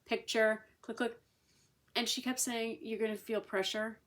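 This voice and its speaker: A woman's voice: fairly high pitch, steady tone, normal speed, a bit bright. A woman, casually telling a long personal story to camera in a chatty, rambling way. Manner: chatty, rambling with many restarts and fillers. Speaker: vlogger sharing a patient's experience.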